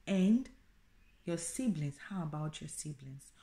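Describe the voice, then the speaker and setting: Low-voiced woman teaching a language. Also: animated, warm tone. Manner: explains slowly, repeats each phrase. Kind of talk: casual video lesson.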